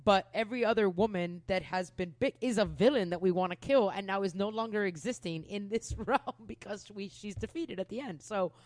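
A woman's voice: mid-range voice, a little fast, few pauses, no echo. A woman co-hosting a casual podcast chat, telling stories with feeling and plenty of swearing. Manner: emotional, swearing, animated storytelling.

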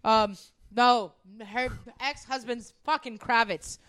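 A young woman hosting a podcast, ranting casually and profanely about a movie in animated, rapid-fire bursts. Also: a little high, clean tone, no echo, studio quality. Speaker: podcast host.

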